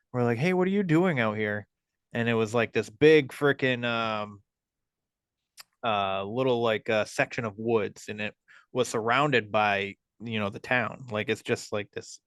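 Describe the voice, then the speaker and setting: A man in casual podcast chat, rambling through a story with plenty of swearing and restarts. His voice sits at a middling pitch. The sound is dry and close, with no room around it. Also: a bit bright, no echo. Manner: rambling, heavy swearing, many fillers and restarts. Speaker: podcast host.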